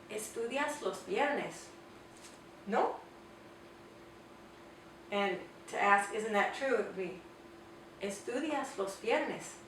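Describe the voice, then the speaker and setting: A woman explaining grammar in an online language lesson, slowing down carefully to model example sentences. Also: mid-range voice, fairly bright tone. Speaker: Spanish teacher. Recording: echoey room, distant mic, faint noise.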